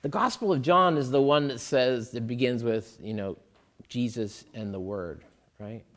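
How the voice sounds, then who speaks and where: A man's voice: medium pitch, normal speed, a bit bright. A man preaching a sermon in a conversational way, thinking aloud with fillers and asides. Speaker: pastor.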